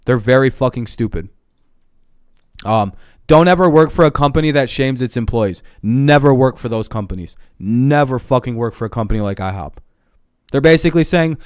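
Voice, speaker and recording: A man's voice: medium pitch, expressive, normal speed, smooth, no room sound, clean studio sound. A young man hosting a live stream who rants heatedly, swearing often. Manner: heated, profane, ranting. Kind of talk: casual live stream rant.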